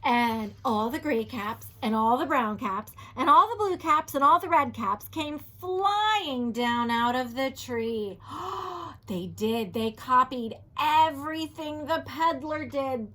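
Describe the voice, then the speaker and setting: A woman teacher reading a children's storybook aloud, animated, asking the children questions and sometimes dropping to a whisper. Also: high-pitched, a little slow, hardly any pauses.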